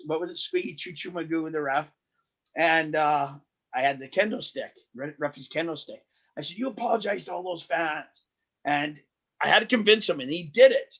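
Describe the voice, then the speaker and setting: A Canadian man tells stories as a podcast guest, his slightly high voice jumping up as he acts out the people in them. He often breaks off and restarts his sentences. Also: fairly bright tone. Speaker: wrestling promoter and guest. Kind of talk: casual podcast storytelling.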